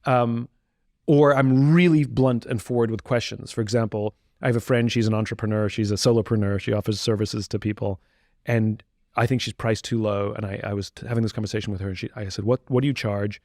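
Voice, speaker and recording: A man's voice: fairly low pitch, steady tone, brisk, darkish tone, no echo, studio quality. A man speaking as a podcast guest, talking candidly and reflectively about himself in conversation. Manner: candid, self-reflective, acts out quoted voices.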